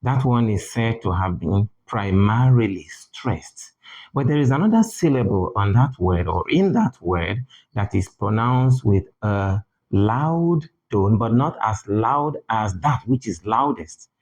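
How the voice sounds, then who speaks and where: A man teaching English pronunciation in a deliberate manner, repeating key words for emphasis. English is not his first language. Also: lowish voice, lively intonation, a little mellow, lo-fi sound. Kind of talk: spoken lesson.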